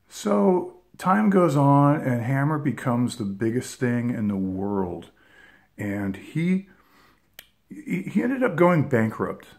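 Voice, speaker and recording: A man in his fifties telling a rambling personal story with many fillers and restarts. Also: medium pitch. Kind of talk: casual anecdote.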